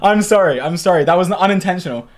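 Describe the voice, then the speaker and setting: A man's voice: high voice, lively intonation, quick pace, slight background noise. A young man streaming casually, flustered and apologising over and over.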